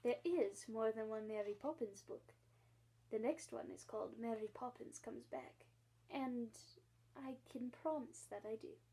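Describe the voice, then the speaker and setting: A woman's voice: on the high side, measured pace, breathy edge, low-quality recording. Woman librarian reading aloud to children. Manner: warm, encouraging, expressive. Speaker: school librarian.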